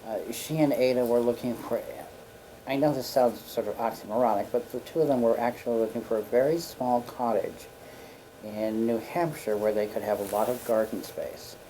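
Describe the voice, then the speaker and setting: Give me a mellow-sounding man telling lively anecdotes, with faint background noise. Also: medium pitch, moderate pace, low-quality recording. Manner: animated anecdotal storyteller, playful. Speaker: guest. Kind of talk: storytelling on a local talk show. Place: community studio.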